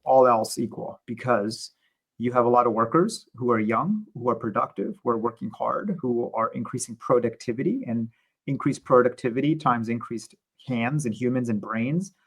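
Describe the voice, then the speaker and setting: Measured man explaining economics. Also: medium pitch, a bit bright, breathy edge, rough recording. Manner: measured, explanatory, restarts phrases. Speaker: guest economist. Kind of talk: conversational explanation.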